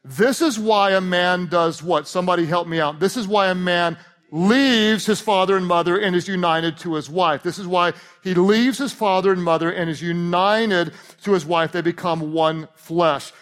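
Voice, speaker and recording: A man with a high voice preaching to a large church. He is animated and jokey, and he often leans on punchlines and call-and-response lines. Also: normal speed. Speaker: pastor. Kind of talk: sermon.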